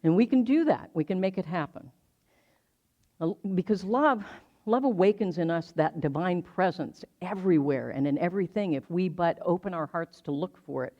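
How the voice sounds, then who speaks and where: Slow and reflective, an American preacher in his 60s works personal memories into his sermon and repeats key points for emphasis. His voice is middle-pitched, and the stream's sound is a bit muffled and low-fidelity.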